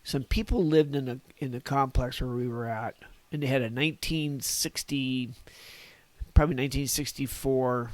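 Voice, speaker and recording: A man's voice: mid-range voice, steady tone, normal speed, no room sound. Older man telling folksy old stories. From Northern California. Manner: rambling, folksy, chuckles at his own stories. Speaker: podcast guest. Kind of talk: casual reminiscing storytelling.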